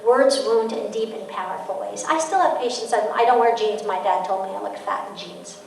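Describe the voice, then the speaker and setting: A middle-aged woman giving a lively parenting talk to an audience, telling stories and acting out quoted voices. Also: medium pitch, fairly quick, creaky. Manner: storytelling with quoted voices and laughter. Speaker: guest speaker on parenting. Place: large hall. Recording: echoey hall from far off, faint noise.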